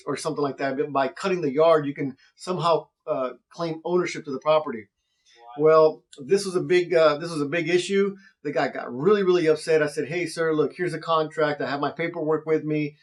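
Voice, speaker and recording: A man with a slightly raised pitch tells a story from his real estate investing straight to the camera. He keeps it casual and animated, and he slips into the voices of the people he quotes. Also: a little fast.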